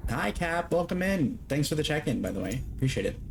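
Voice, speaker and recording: A man's voice: on the high side, big pitch swings, brisk, gravelly, few pauses, a little hiss or hum. A young man streaming a game from home, chatting loosely with his audience, swearing casually and laughing often. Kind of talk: casual live-stream chat while gaming.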